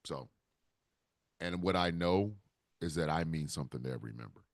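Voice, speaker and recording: A man's voice: rumbling low, moderate pace, creaky, dry recording. A man hosting a podcast in a casual, rambling and heartfelt way, often restarting his sentences. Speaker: podcast host. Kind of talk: casual solo talk.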